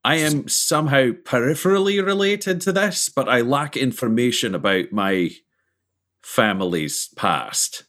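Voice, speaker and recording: A man's voice: mid-range voice, animated, unhurried, fairly bright tone. A man playing a formal, grandiloquent captain in a tabletop game, with courtly phrasing. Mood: earnest. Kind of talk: tabletop game role-play.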